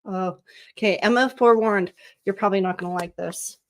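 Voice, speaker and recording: A woman's voice: mid-range voice, brisk. Woman doing psychic card readings on a stream, casual and sympathetic, calls ppl honey, reads out card keywords. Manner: reads card meanings aloud in lists. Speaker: psychic reader and channel host.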